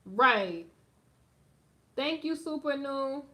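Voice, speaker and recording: A woman's voice: high-pitched, expressive, drawn-out words, pushed and bright. A woman giving sassy, emphatic gossip commentary on a live stream, talking straight to her viewers in a slangy, casual way.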